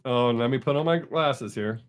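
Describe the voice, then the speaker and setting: A man's voice: mid-range voice, moderate pace. A man hosting a casual live stream, answering viewer comments in a blunt, opinionated way.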